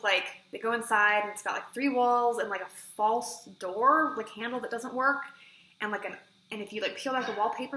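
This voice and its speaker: A woman reviewing books in a casual vlog, talking excitedly and filling her sentences with "like" as she retells a story. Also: fairly high pitch. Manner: chatty, fillers of "like", excitable retelling. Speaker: book reviewer. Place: room at home with a bookshelf. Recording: echoey room.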